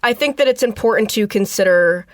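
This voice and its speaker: A woman's voice: mid-range voice, brisk, no room sound. Brief: young woman, podcast co-host, reads prepared notes steadily, dry close sound. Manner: reads informative passages steadily, with chatty asides. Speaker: podcast co-host presenting research. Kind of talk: casual podcast chat, reading prepared notes.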